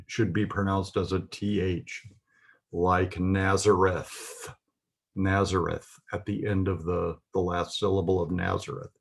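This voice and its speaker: A man with a husky voice teaching a lesson, reading words slowly and carefully with some pauses. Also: deep voice. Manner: spells out words carefully, pausing with "uh". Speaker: Hebrew teacher. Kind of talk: slow, deliberate lesson.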